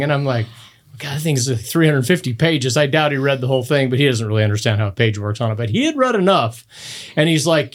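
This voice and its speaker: A middle-aged man telling hunting stories on a podcast in casual chat, his voice jumping up high when he gets excited. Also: quick pace. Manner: animated storyteller, voice jumps high when excited. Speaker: podcast guest.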